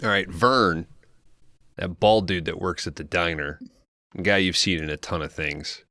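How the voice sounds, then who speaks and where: A man casually recapping a film plot on a podcast, loose and profane, acting out characters' lines in quick asides. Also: low-pitched, sharp tone, no echo, clean studio sound. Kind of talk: casual movie recap chat.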